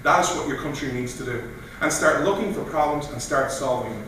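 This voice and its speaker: A man giving an animated speech at a political meeting, telling stories and acting out quoted voices. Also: medium pitch, a little fast, a little hiss or hum. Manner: animated, storytelling with mock voices. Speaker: guest speaker. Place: meeting room. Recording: echoey room from far off.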